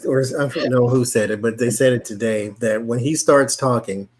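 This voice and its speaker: A tarot co-reader on a casual livestream, giving calm, measured card readings. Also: medium pitch, background noise. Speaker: co-reader guest.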